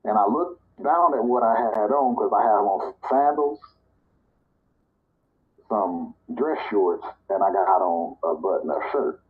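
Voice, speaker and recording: A man from Nebraska casually telling a personal story, talking relaxed and slipping into higher voices when he quotes people. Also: unhurried. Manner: relaxed, conversational, acts out quoted dialogue in a higher voice. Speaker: storyteller in a live audio chat. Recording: tinny phone-line audio.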